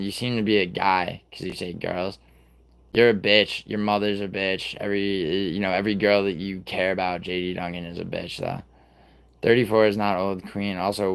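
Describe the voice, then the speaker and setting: A man in his thirties with a deep but fairly bright voice hosts a livestream, chatting casually with viewers. He rambles and swears freely, addressing people in chat by name.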